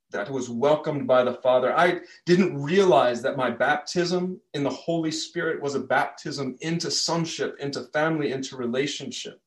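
Slow, earnest preacher man in echoey church. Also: fairly high pitch. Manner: earnest storytelling, conversational. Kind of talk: sermon.

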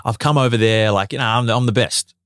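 A young Australian man on a casual podcast, telling lively stories, swearing freely and laughing often. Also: mid-range voice, a little fast, clean tone, dry recording, clean studio sound. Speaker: podcast guest, former basketball player.

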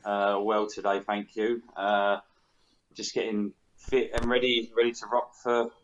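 Man, low voice, hesitant interview answers, dull lo-fi sound. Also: little pitch movement, a little slow, slight background noise. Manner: hesitant, lots of ums. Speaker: guest racing driver. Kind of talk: podcast interview.

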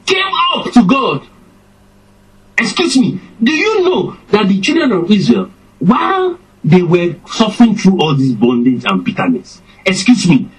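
A man preaching a sermon, slow and emphatic, his voice swinging up and down for effect. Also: high-pitched, slightly rough, rough recording.

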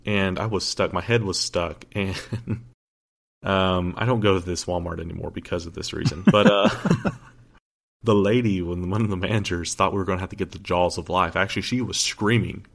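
A young man co-hosting a podcast, telling a story in casual chat, joking and rambling with lots of fillers and restarts. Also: low voice. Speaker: podcast co-host.

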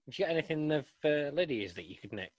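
A man's voice: on the high side, lively intonation, fast, muffled recording. A man co-hosting a podcast, teasing his friends in casual banter. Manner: dry teasing. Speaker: podcast co-host.

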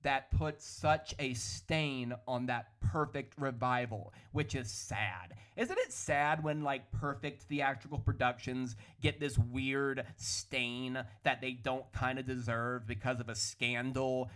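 A man hosting a solo podcast, ranting in an animated, opinionated way with a hoarse, worn-out voice. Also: medium pitch, slow pace, few pauses. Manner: animated, opinionated, hedging with "allegedly". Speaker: podcast host. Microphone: studio podcast microphone.

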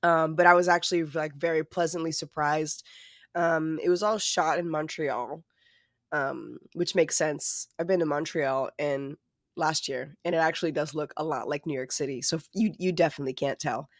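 A podcast co-host in casual chat who talks in an animated, profane, joking way. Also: mid-range voice, moderate pace, dry recording, clean studio sound. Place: lives in New York City.

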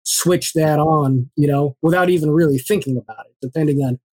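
A man speaking as an interview guest in a reflective, measured way with many fillers. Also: on the high side, darkish tone, no echo. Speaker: guest, former congressional candidate. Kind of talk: reflective conversational storytelling.

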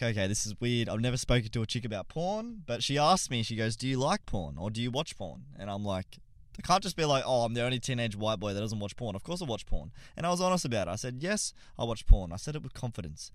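Lively young man telling a story. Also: medium pitch, dry recording, clean studio sound. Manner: animated, swearing, laughs mid-sentence. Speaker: podcast host. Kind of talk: casual storytelling to gamers.

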